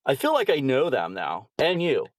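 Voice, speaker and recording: A man's voice: mid-range voice, huge pitch swings, normal speed, dry recording. Dry-sounding male podcast host. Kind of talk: casual interview.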